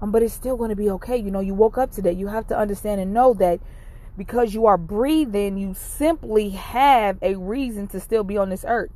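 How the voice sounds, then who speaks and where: A woman's voice: mid-range voice, brisk, dark tone. A woman hosting her own podcast, telling a casual, encouraging story to her listeners from her parked car. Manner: chatty, encouraging, addresses listeners directly. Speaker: podcast host. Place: parked car, rain outside.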